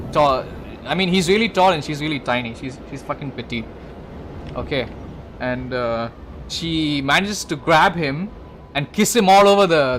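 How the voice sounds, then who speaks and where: A man's voice: on the high side, fairly bright tone, slight background noise. Rambling, swearing livestreamer man. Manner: rambling, lots of restarts and swearing, talks to the listener directly. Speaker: gaming livestreamer. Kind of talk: casual retelling of a film plot.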